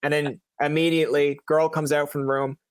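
A man's voice: fairly high pitch, fairly quick, clean tone, no echo. A young man from Newfoundland with a Newfoundland accent, hosting a casual chat and acting out voices in his stories. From Newfoundland, Canada. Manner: lively storyteller, acts out voices. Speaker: podcast host.

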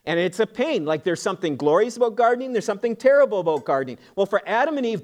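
In a church sanctuary, a middle-aged pastor preaches a sermon in a voice that sits high for a man, a little mellow, sing-song and racing. His delivery is earnest and emphatic, sprinkled with homely jokes and friendly asides.

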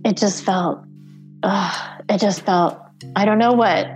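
A middle-aged woman, a mother of two, speaks slowly in a mid-range voice while faint music plays behind her. She tells a candid personal story in rambling, hesitant bursts, restarting often and acting out the dialogue she remembers.

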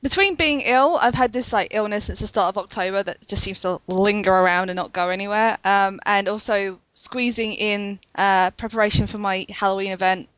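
A woman's voice: medium pitch, moderate pace, few pauses, a bit bright, clear, resonant tone, dry recording, dull audio. A woman hosting a casual gaming podcast, chatty and full of fillers, laughing often. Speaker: podcast host. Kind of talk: casual chat.

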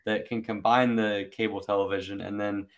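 A man giving measured sports business analysis. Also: fairly low pitch, little pitch movement.

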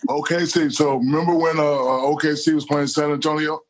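A man co-hosting a chat show, telling a rambling story in halting starts. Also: a little high, level tone. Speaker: co-host. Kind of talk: casual chat.

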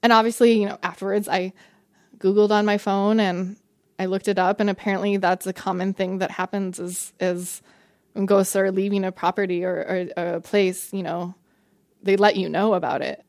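Animated woman telling a true story. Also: mid-range voice, moderate pace, dry recording. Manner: animated, frequent "like", acts out quoted dialogue. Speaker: guest storyteller. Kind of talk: personal storytelling. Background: faint music score.

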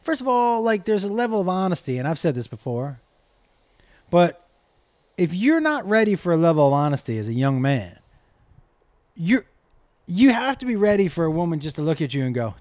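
A man's voice: a little high, moderate pace, pauses often, no room sound. A man telling a profane comic story in a casual way, acting out the other people's lines. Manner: profane, animated, acts out quotes. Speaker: comedian storyteller.

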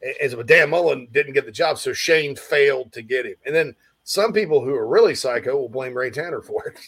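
A man's voice: mid-range voice, animated, a little fast, a bit bright, breathy edge. A man hosting a casual sports talk show, reading listener questions aloud and chatting with his co-host.

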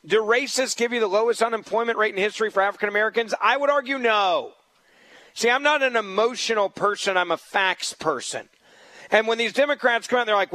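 A man's voice: sits high, a little fast, pushed and bright, no room sound, low-quality recording. A man hosting a political talk radio show, delivering a combative, emphatic monologue and repeating his points. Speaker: fill-in radio talk host.

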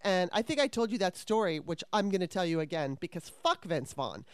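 A woman's voice: on the low side, very animated, fairly quick, dry recording. A woman in her fifties hosting a podcast, telling a story in casual chat with a candid, profane and rambling manner. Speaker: podcast host.

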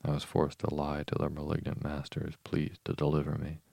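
A man, host of a sleep podcast, reading a classic novel aloud in a slow, even, soothing manner. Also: very deep voice, vocal fry, dry recording. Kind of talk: calm bedtime reading of a novel.

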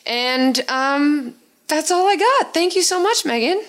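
A woman's voice: high voice, expressive, a little slow, fairly bright tone. A woman co-hosting a sports podcast, playful and teasing in casual chat.

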